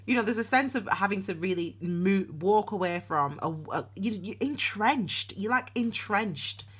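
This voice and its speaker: A woman's voice: medium pitch, lively intonation, normal speed, slightly rough. A young woman, talking alone to camera in a casual, rambling tarot reading full of restarts. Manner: chatty, rambling, self-interrupting with frequent restarts. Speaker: tarot reader. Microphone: solo to camera.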